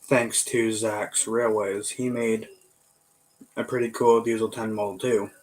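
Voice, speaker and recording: A man chatting casually, rambling with halting fillers and self-corrections. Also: lowish voice, level tone, low-quality recording. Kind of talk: casual chat.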